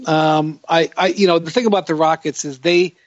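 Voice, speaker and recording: A man's voice: on the high side, fairly even intonation, moderate pace, no room sound. Tired, hesitant man on a podcast. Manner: hesitant, many restarts. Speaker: podcast host. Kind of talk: casual podcast chat. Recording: slightly muffled dry audio.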